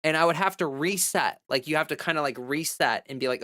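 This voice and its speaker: A woman's voice: low-pitched, a little fast, sharp tone, dry recording, studio quality. A woman livestreamer chatting candidly and giving advice in a casual way.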